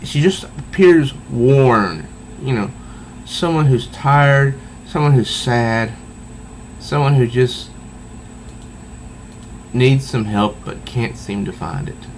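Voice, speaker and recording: A man casually reviewing a comic book, talking haltingly with many restarts. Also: medium pitch, a little hiss or hum, low-quality recording.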